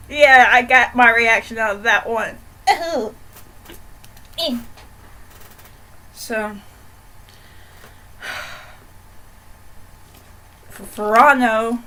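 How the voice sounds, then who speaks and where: A young woman giving a casual, chatty book review in a vlog, animated and full of fillers. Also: fairly high pitch, poor audio.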